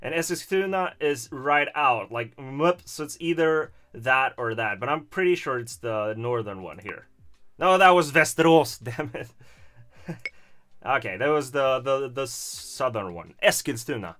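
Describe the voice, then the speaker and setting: A man's voice: mid-range voice, lively intonation, a little slow, fairly bright tone. A man from Stockholm with a Swedish accent, chatting casually as a streamer in a rambling, hesitant way with frequent chuckles. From Stockholm, Sweden. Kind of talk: casual livestream commentary.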